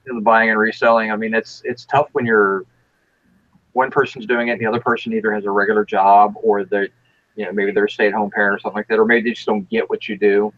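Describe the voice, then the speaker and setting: A man hosting a casual chat show, talking in a relaxed, joking way and often restarting his sentences. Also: lowish voice, quick pace, no echo, muffled recording. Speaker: podcast host.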